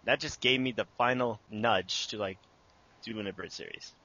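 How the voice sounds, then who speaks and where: A man's voice: lowish voice, moderate pace, sharp tone, dry recording, muffled recording. A young man answering interview questions about making his abridged series, casual and rambling with many fillers.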